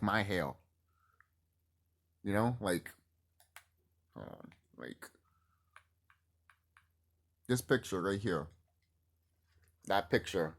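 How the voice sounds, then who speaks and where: Rambling low-voiced man vlogging. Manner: rambling, excitable, profane. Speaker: YouTuber. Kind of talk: casual vlog monologue.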